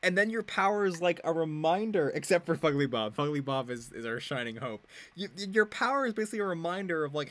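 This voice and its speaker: A man's voice: on the high side, animated, fast, few pauses, fairly bright tone. Young man reading a story aloud. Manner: laughs a lot, swears freely, goes off on tangents. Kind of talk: reading a web serial aloud with casual commentary.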